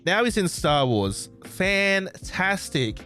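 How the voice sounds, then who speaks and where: Excitable Australian man chatting. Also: high voice, slow pace, faint music behind. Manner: excitable, rambling, forgets names mid-sentence. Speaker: podcast host. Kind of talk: casual chat. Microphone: desk microphone.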